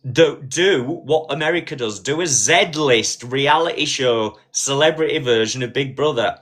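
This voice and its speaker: A man hosting a casual live-stream chat, telling an animated story. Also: medium pitch, measured pace. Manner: animated storyteller, acts out voices in quotes. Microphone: phone on live stream.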